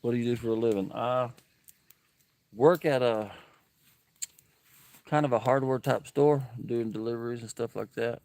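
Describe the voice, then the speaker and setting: A man talking to viewers on a camping livestream outdoors, heartfelt and openly thankful, with a mid-pitched everyday voice. He talks easily and plainly, reading out comments as they come in. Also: moderate pace, long pauses, a little mellow, no echo. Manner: earnest, emotional, thankful, reads viewer comments aloud. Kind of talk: casual livestream chat. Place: outdoors at a woodland campsite.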